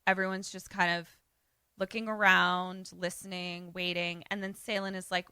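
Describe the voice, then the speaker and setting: A woman co-hosting a podcast, casually retelling a film and acting out the characters' lines with animated voices. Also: fairly low pitch, normal speed, smooth, dry recording. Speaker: podcast co-host. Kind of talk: casual film recap chat.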